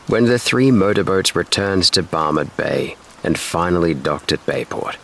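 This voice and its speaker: A man reading a classic adventure novel aloud as a calm, steady bedtime story. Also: sits low, gravelly. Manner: slow, steady, soothing. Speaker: narrator.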